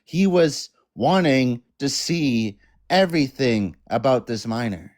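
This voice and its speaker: A man speaking as a guest on a livestream, indignant but measured. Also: medium pitch, expressive, a little mellow. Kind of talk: heated livestream discussion.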